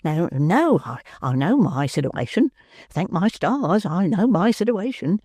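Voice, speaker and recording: A man's voice: high voice, big pitch swings, a little slow, mellow, husky, dry recording, studio quality, voice pushed up, heavily acted. A man voicing a frightened, polite little servant who stammers nervously. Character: timid, pale, polite little male servant.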